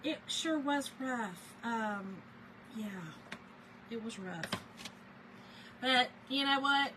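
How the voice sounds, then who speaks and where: A woman with a Southern US accent, hosting a craft livestream and telling a story in a chatty, animated way while she works, often laughing and talking to her viewers. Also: fairly high pitch, very slow, noisy background.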